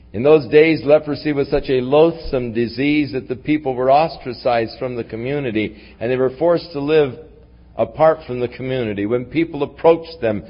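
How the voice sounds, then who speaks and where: Preaching man in an echoey hall. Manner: preaching with wide swings from raised emphasis to low, quiet asides. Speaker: pastor. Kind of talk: sermon. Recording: dull lo-fi recording in a large reverberant hall.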